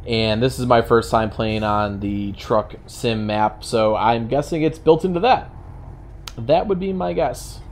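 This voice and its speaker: A man with a New York accent talks through his gameplay in a loose, chatty way. He is wry and slips into mock-indignant rants, with the hum of a game truck's engine underneath. His pitch sits in an ordinary middle range. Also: measured pace. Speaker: gaming channel host. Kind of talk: casual gameplay commentary.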